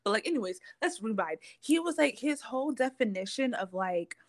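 Teen girl co-host, lively storyteller, slightly high voice, acts out quotes. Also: fairly quick. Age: teens. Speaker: podcast co-host. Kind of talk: casual chat.

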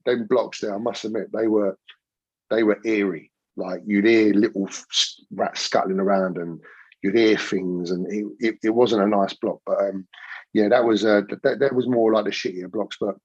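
Middle-aged London man, lowish voice, slangy storyteller guest, dry close mic. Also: normal speed, slightly rough, dry recording. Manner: swearing, slangy, animated anecdotes. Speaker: podcast guest, former pirate radio owner. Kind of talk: casual storytelling chat. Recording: dull, dry lo-fi podcast audio.

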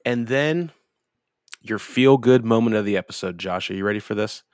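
A man's voice: lowish voice, moderate pace, dry recording, clean studio sound. A man co-hosting a podcast, telling a rambling, profane story in casual chat. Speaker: podcast co-host.

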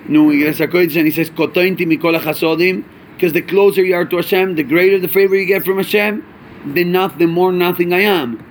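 A man leads an animated chassidic Torah class, posing rhetorical questions and weaving in Yiddish and Hebrew terms. His voice sits high, with slight background noise.

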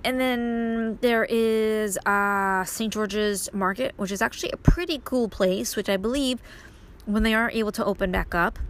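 A woman's voice: medium pitch, measured pace. A woman hosting her own podcast, talking casually and rambling with many fillers while outdoors. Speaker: podcast host and indie author. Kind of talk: casual solo podcast monologue.

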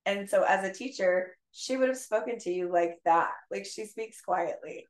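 A woman's voice: mid-range voice, moderate pace. A woman who is a teacher, a guest on a podcast, talking in an earnest, reflective way in a casual conversation. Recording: roomy echoey sound.

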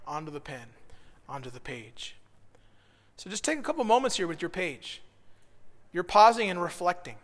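A man leading a devotional Bible study, earnest, moving between hushed reflection and excited praise. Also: sits high, in a large hall. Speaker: pastor.

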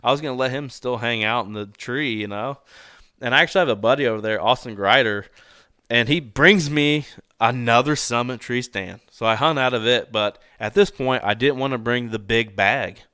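A man telling a story about a hunting trip in a relaxed, conversational way. He laughs often and slips into voices for the people in his tale. His voice is bright and crisp, recorded dry and up close. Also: mid-range voice, normal speed, no room sound. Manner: animated, laughs often, acts out voices in quotes. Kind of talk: casual storytelling.

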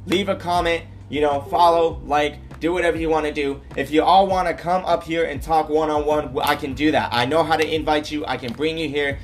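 A man hosting his own podcast, talking earnestly about his life and often checking in with "right?" and "okay?". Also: on the high side. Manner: earnest, repeats himself, tags lines with "right?" and "okay?". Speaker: podcast host. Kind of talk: solo personal podcast monologue.

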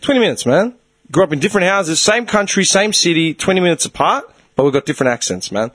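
A young Australian man in casual chat, swearing freely and explaining with quick rhetorical questions. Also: high voice, big pitch swings, a bit bright, dry recording.

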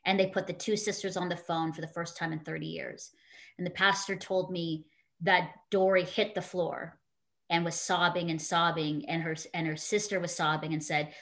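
A woman's voice: on the low side, fairly even intonation, normal speed. A woman guest in an interview, telling a personal story in an earnest, heartfelt way with frequent fillers.

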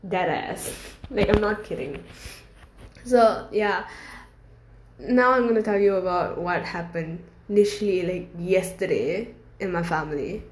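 A woman's voice: lowish voice, measured pace, a little hiss or hum. A young woman telling a casual storytime monologue, rambling and candid, with lots of fillers. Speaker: vlogger. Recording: roomy echo.

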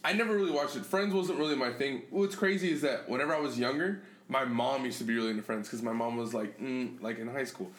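A man's voice: medium pitch, fast, few pauses, a bit bright. A young man co-hosting a podcast in casual, profane chat, laughing often and mimicking family members. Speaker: podcast co-host. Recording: echoey room with faint noise.

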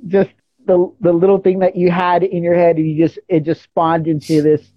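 Over a video call, an enthusiastic host conducts a casual interview in a mid-pitched, level voice, his phrasing halting yet effusive. The audio is dull and lo-fi with no room sound.

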